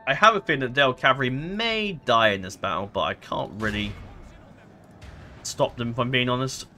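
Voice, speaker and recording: Bright-voiced man rambling over gameplay. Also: medium pitch, expressive, moderate pace. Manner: rambling, hesitant, frequent fillers and self-corrections. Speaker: gameplay commentator. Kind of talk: casual let's-play commentary.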